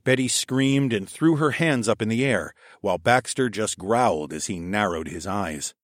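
A man narrating a first-person story in a wry tone, dropping to a hush on the narration tags. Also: fairly low pitch, expressive, moderate pace, dry recording, clean studio sound. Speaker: audiobook narrator.

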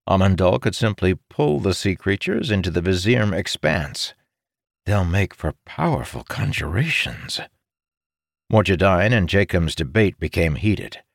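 A man reads a fantasy audiobook in a low, gravelly voice with lively rises and falls. The sound is dry and close, with no room echo. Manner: expressive, dramatic storytelling. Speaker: audiobook narrator.

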